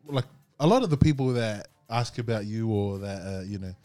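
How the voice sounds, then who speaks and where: A man's voice: lowish voice, lively intonation, normal speed, mellow, clear, resonant tone, no echo, faint music behind. A man hosting a podcast, talking casually with many fillers and restarts. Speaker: podcast host. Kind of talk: casual chat.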